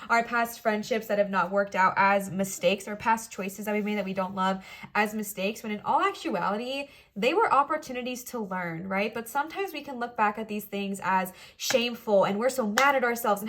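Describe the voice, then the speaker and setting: A woman's voice: medium pitch, moderate pace, fairly bright tone. A young woman giving a pick-a-card tarot reading in a chatty, playful, reassuring way, sometimes acting out little quoted voices. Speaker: tarot reader.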